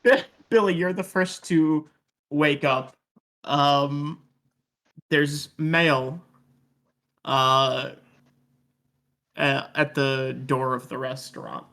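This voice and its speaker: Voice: mid-range voice, fairly even intonation, drawn-out words, pauses often, a bit bright. A game master narrating a tabletop game in a rambling, self-correcting way.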